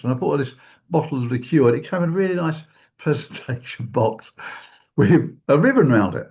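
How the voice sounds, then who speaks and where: A man with a husky, somewhat high voice tells a personal story, his pitch swinging widely as he acts out scenes. The recording is dull and lo-fi. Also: a little fast. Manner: animated, acts out quotes in a raised voice. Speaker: guest speaker. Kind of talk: storytelling in a talk.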